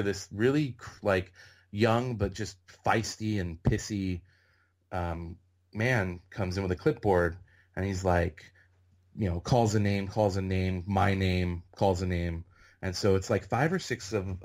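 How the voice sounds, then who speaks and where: A middle-aged man from Northern California, a podcast guest telling animated stories and saying "like" constantly. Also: low-pitched. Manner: animated anecdotes, heavy use of "like". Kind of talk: casual storytelling interview.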